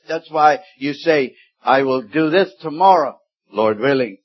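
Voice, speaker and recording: A man in his seventies preaching a sermon, slow and deliberate, rising suddenly into loud emphatic peaks. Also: medium pitch. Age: 70s. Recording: dull lo-fi sermon recording.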